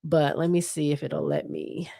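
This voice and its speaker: A woman hosts a relaxed solo podcast, talking straight to her audience in a loose, rambling way with plenty of ums and little laughs. Her voice sits low for a woman. The sound is dry and close, with no room around it. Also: normal speed, dry recording. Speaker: podcast host. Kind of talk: casual solo livestream podcast.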